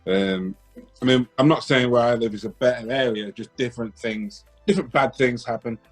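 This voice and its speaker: A man co-hosting a podcast, talking in a halting, hesitant way with many pauses. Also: mid-range voice, fairly even intonation, faint music behind. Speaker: podcast co-host. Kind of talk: casual podcast chat.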